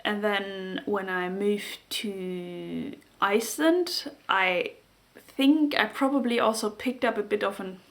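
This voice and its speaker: German-accented woman chatting to camera about knitting, halting, lots of pauses hunting for words, plain mid voice. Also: mid-range voice. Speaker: knitting podcast host. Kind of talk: casual chat to camera.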